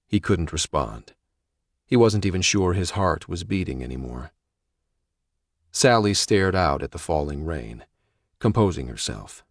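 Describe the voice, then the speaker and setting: A man reading a novel aloud as audiobook narrator, measured and expressive. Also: extremely low pitch, no room sound, studio quality.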